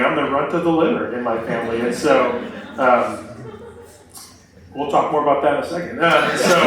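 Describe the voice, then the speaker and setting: A young man preaches to a campus group in a relaxed, chatty way, with plenty of fillers. His voice sits at an ordinary pitch. He is heard from a distance in a strongly echoing room. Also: very noisy. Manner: conversational, many fillers like "like" and "um". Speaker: campus ministry speaker. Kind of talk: casual sermon.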